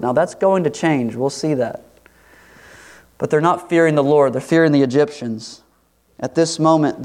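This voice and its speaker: A man preaching an expository sermon, acting out the quoted voices with rising pitch. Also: darkish tone. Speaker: pastor.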